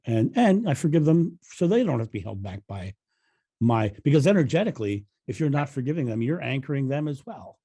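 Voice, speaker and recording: A man's voice: mid-range voice, very animated, a little fast, warm tone, slightly rough. Easygoing man co-hosting a spiritual podcast. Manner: laughs easily, repeats himself. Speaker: podcast co-host. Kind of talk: casual spiritual chat.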